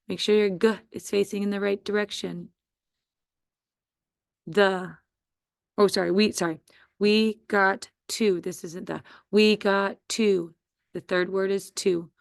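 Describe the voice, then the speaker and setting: A woman's voice: medium pitch, level tone, measured pace, vocal fry, long pauses, smooth, dry recording, studio quality. A woman teaching a phonics spelling lesson to children, patiently sounding out letters and syllables one at a time.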